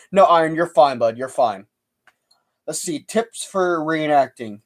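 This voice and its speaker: Young man, rambling livestream host, slightly high voice, laughs easily. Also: animated, slow. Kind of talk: casual chat.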